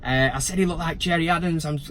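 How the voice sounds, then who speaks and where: A football fan vlogger talks casually to camera from inside a van about his club, trading jokey, sweary banter and mock outrage. His voice is a little high and he speaks quickly.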